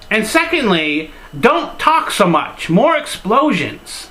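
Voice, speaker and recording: High-voiced, exasperated ranting man. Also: sing-song, a little slow, hardly any pauses, sharp tone, poor audio. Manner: crude, exasperated ranting with frequent "like" and swearing. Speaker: video reviewer. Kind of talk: satirical comedy rant.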